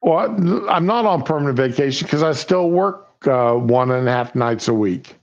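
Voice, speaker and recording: Older male host, halting casual chat, muffled lo-fi stream audio. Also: mid-range voice, expressive, gravelly. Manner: halting, with many restarts and fillers.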